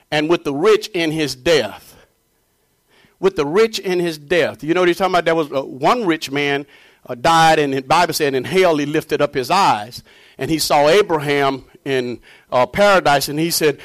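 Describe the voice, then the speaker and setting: A fervent male preacher with a fairly high voice for a man. He swings from booming, shouted declarations down to low, hushed murmurs. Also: expressive, normal speed. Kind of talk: sermon.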